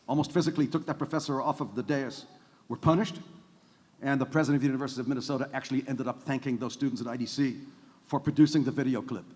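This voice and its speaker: A man on a conference stage drives his points home with emphatic asides, checking in with the audience as he goes. His voice sits at an ordinary middle pitch and carries a long echo through a big hall. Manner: emphatic, tags points with "okay?" and "by the way". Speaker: conference panelist. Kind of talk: panel discussion talk.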